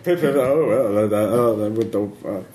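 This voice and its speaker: A man putting on a British accent to voice a stuffy gentleman who hems and hesitates. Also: lowish voice, moderate pace, voice pushed down, natural voice. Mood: fussy. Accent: British, put on. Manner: hesitant, full of ums. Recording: roomy echo.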